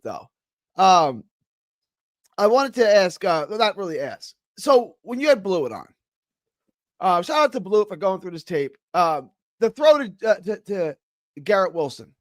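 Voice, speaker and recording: A man ranting on a casual sports talk show, plainly exasperated and stumbling over restarts. His voice sits high and swings widely up and down. The sound is close and dry, with no room in it. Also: dry recording.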